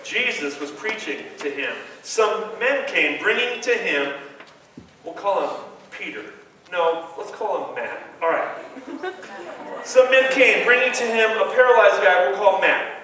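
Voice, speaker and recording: An animated preacher retells a story with jokes and bursts of exclamation. His pitch sits high and bright and swings widely. The sound rings through a vast stadium, picked up from a distance with a faint background hum. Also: a little slow. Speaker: youth preacher. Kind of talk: lively sermon storytelling. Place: large stadium. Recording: echoey stadium from far off.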